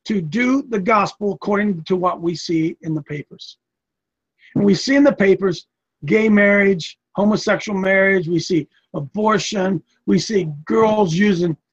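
A man's voice: sits high, breathy edge, dull audio. A man in his sixties preaching a sermon in a folksy, repetitive, emphatic way. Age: 60s.

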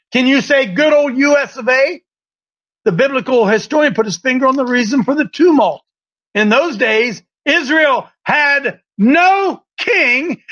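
A male preacher with a strikingly high voice delivers a fiery sermon, rising to shouts and then dropping into hushed asides. The recording is dull and lo-fi. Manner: impassioned, swinging between shouting and hushed asides.

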